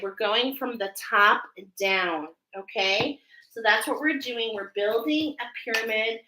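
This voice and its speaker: A woman with a slightly high, bright voice and a forceful tone gives a spiritual oracle card reading, channeled in an emotional, effusive manner. She speaks earnestly and keeps checking in with a questioning "okay?" The recording is rough, with slight background noise.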